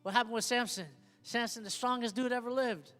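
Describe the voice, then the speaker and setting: A man's voice: very high voice, fairly even intonation, brisk. A man preaching a sermon as pastor, emphatic and often asking the congregation if they hear him. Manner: emphatic, repeats questions to the congregation. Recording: long hall reverb with soft guitar behind.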